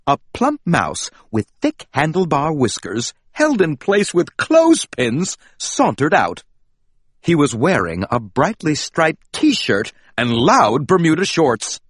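A man narrating a children's storybook in an expressive, animated read-aloud delivery. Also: fairly high pitch, no room sound, clean studio sound.

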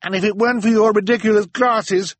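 A man voicing an exasperated teenage girl in an audiobook, speaking high and strained. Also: expressive, unhurried, slightly rough, no room sound. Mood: angry. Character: exasperated teenage girl, sharp-tongued inventor. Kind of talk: audiobook narration.

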